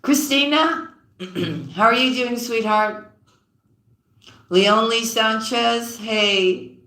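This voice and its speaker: On a live stream, a woman reads tarot and casually greets viewers by name, calling them sweetheart and sis. She often drops low and quiet mid-sentence. Her delivery is very slow, with a reverberant sound.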